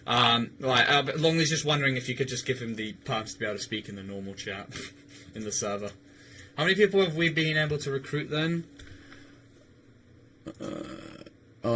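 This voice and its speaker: A man's voice: medium pitch, a bit bright, a little hiss or hum. A young man streaming a game, chatting casually with viewers and rambling, stammering and swearing. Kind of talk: casual livestream chat while gaming.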